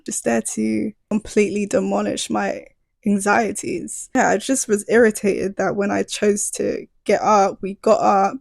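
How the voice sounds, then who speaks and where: Young woman, storytime vlogger, gravelly voice, dry close mic, acts out the dialogue. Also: medium pitch, no room sound. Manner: animated retelling, acts out both sides of the dialogue. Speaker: YouTuber. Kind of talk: storytime vlog.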